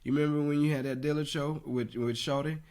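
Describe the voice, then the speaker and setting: A man hosting a podcast, telling a story loudly and animatedly, often laughing. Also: on the high side, steady tone, fast. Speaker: podcast host. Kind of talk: casual chat.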